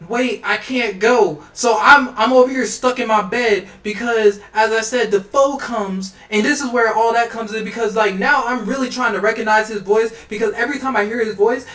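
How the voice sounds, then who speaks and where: A man's voice: high voice, a bit bright. Young guy rambling through a storytime, lots of bruh and like, mic kinda far off in an echoey room, faint music behind. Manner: rambling, laughing, lots of slang and repeats. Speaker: vlogger. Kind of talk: casual storytime. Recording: roomy, distant mic with music and game sounds.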